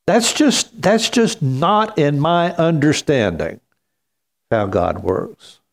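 A man preaching a sermon as pastor, slow and emphatic, with wide swings in pitch. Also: big pitch swings, creaky.

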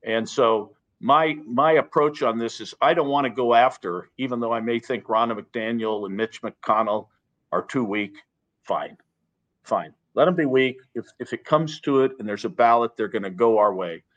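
Measured male lawyer guest. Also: mid-range voice, a bit bright, highs cut off. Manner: earnest, measured, repeats himself. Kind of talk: podcast interview.

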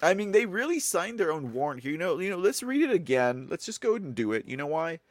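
A man's voice: on the high side, very animated, quick pace, dry recording, clean studio sound. A man hosting a live-stream news commentary show, talking casually and rambling to his viewers. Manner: rambling, casual, talks to viewers and thanks chat. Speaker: show host.

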